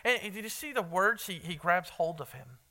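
A man's voice: sits high, sing-song, brisk, bright, forceful tone. A man preaching an evening sermon in a conversational, emphatic way, quizzing his congregation. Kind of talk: evening sermon with Bible reading.

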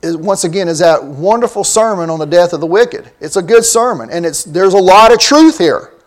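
Preacher, male, high-pitched voice, emphatic expository sermon, reads old scripture then explains it plainly. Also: expressive, fairly quick. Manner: emphatic, repetitive, rhetorical questions to the congregation.

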